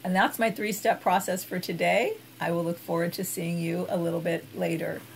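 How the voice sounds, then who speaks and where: A woman giving an instructional talk as an expert on emotional eating, guiding gently and unhurriedly with soft hesitations. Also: fairly low pitch, steady tone, moderate pace, creaky, a little hiss or hum, poor audio.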